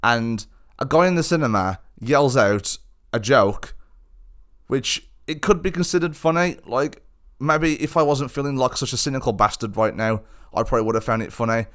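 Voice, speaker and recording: A young man talks alone on his podcast at a mid pitch. He rambles with frustration, circling back and restarting his sentences as he vents. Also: normal speed, fairly bright tone. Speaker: podcast host. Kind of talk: solo podcast monologue.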